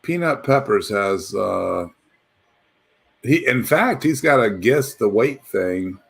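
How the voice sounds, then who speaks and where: A man hosting a casual live chat, lively and rambling, laughing often. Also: on the low side, slow, creaky.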